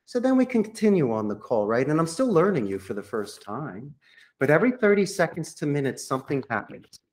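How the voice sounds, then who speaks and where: A man who runs a call center, a guest on a podcast, coaching listeners on phone sales with lively acted-out sample calls. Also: fairly high pitch, brisk. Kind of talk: podcast interview, coaching monologue.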